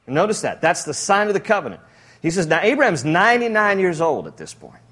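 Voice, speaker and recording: A male pastor preaching a sermon in an animated, jokey way with frequent laughs. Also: high-pitched, fairly quick, slightly rough.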